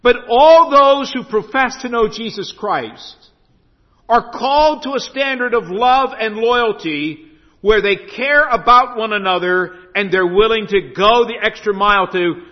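A male pastor preaching a sermon, telling stories dramatically, with big swings from loud to hushed. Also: sits high, lively intonation, unhurried. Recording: dull echoey hall recording.

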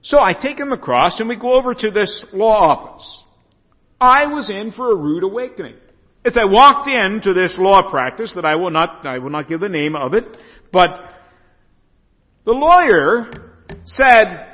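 A male pastor preaching a sermon, telling stories dramatically, with big swings from loud to hushed. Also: sits high, expressive, normal speed. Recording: dull echoey hall recording.

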